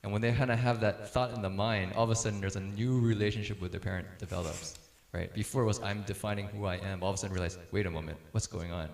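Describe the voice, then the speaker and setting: A man's voice: lowish voice, fairly even intonation, quick pace, hardly any pauses, reverberant, a little hiss or hum. A middle-aged man speaking casually to a group about parenting, telling stories and laughing easily as he acts out quotes.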